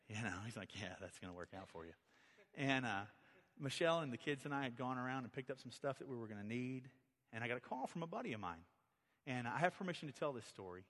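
A man's voice: fairly low pitch, a bit bright. A middle-aged man preaching a sermon as pastor, talking conversationally and telling stories, then rising to emphatic peaks. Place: church sanctuary. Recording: long hall reverb.

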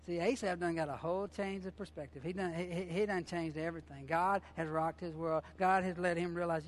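A man's voice: on the high side, fairly even intonation, a little fast, hardly any pauses, a little hiss or hum. A man preaching a sermon as pastor, impassioned and conversational, repeating phrases and using informal, folksy grammar.

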